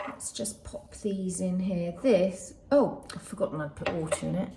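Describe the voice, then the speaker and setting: A woman chatting softly through a gardening vlog, often dropping into a half-whisper. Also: medium pitch, moderate pace, background noise. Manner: soft-spoken, often half-whispered asides. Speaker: vlogger. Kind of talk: casual gardening vlog narration. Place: garden outdoors.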